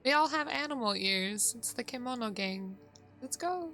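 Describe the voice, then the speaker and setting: Bright-voiced woman streamer chatting casually. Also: a little high, moderate pace. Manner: chatty, laughs often, talks to chat. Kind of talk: casual gameplay chat.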